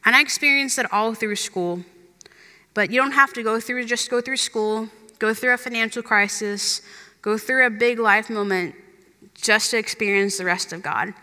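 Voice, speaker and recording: A woman's voice: on the high side, normal speed, bright, forceful tone, clean tone. A young woman giving a chatty, earnest sermon as a youth minister, full of "like" and "you know". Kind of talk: conversational sermon. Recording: long hall reverb.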